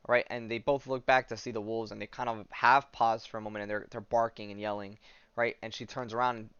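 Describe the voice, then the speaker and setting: A man's voice: fairly low pitch, level tone, a little fast, a bit bright, clean tone, no room sound. A man hosting a podcast, casually recapping a comic and reading passages aloud, hesitant and full of ums and likes. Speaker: podcast host. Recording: dull lo-fi audio.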